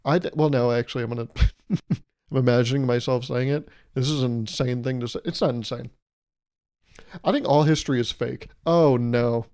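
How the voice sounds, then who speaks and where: A man's voice: medium pitch, normal speed, darkish tone. A young man hosting his own podcast, rambling through a casual comedic monologue and slipping into playful mock voices. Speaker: podcast host.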